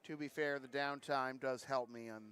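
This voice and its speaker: A man giving live play-by-play commentary on a college basketball game, getting louder and more excited on big plays. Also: medium pitch, normal speed, clear, resonant tone.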